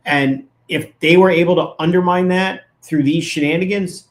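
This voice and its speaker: A man's voice: high voice, fairly even intonation, moderate pace. A man, a lawyer, giving legal analysis as a guest in a casual interview, arguing his points emphatically and with indignation.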